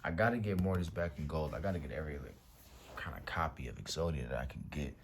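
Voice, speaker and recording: A man with a notably deep, low voice hosts a relaxed showcase of his card collection from a room at home. He talks in loose slang, swears casually, and sometimes sinks to a hush while admiring a card. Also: fast talker, background noise. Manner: laid-back slangy talk, swears, drops to whispers over cards. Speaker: YouTube card-collection host.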